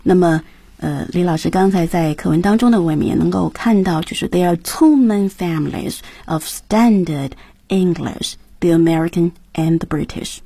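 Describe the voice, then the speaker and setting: A woman's voice: on the low side, moderate pace, gravelly, mellow, husky, dry recording. A woman co-hosting an English lesson on the radio, asking the guests questions. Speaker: radio co-host. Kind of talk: bilingual lesson chat.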